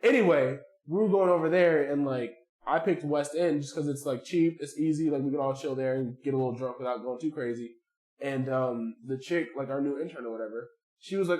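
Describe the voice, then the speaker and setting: A man's voice: medium pitch, brisk, darkish tone. Swearing storytelling guy in echoey room. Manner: swearing, storytelling, mimics coworkers. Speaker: podcast co-host. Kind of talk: casual chat.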